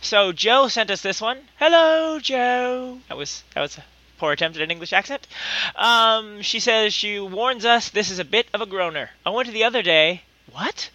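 A man's voice: high voice, brisk, bright, forceful tone, dry recording, lo-fi sound. A young man co-hosting a casual podcast, joking around and laughing often. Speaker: podcast co-host. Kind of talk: casual banter.

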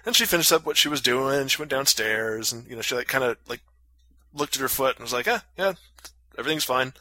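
Rambling man telling a story, bright tone. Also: medium pitch, quick pace, dry recording. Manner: rambling, lots of fillers, crude jokes. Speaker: podcast co-host. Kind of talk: casual storytelling chat.

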